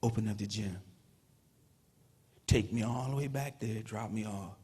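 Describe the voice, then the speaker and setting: A man's voice: fairly low pitch, unhurried, mellow, slightly rough. A man from Petersburg, Virginia, giving a conversational Hall of Fame induction speech full of "you know". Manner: conversational storytelling with many "you know" fillers. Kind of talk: induction ceremony speech, storytelling. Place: ceremony hall, speaking to an audience.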